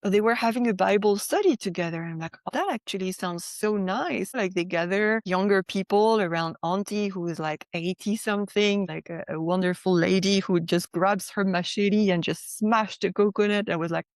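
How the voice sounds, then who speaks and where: A woman's voice: mid-range voice, steady tone, moderate pace, few pauses, dry recording. A young woman from France, sharing a personal testimony as a podcast guest in a chatty way, peppered with "like" and "right?".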